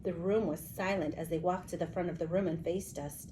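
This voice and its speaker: A woman reading a children's book aloud with animated storytelling. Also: lowish voice, a little fast, a little hiss or hum, low-quality recording. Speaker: reader.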